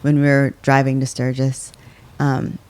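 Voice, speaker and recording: A woman's voice: extremely low pitch, completely flat delivery, measured pace, darkish tone, clear, resonant tone, no room sound. A woman co-hosting a podcast, chatting casually and rambling as she restarts her sentences. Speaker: co-host. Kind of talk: casual chat.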